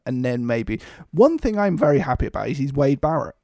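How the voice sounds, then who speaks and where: A man from England co-hosting a podcast in a relaxed, chatty way, laughing often. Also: medium pitch, a little fast, vocal fry, no room sound, studio quality. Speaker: podcast co-host. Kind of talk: casual chat.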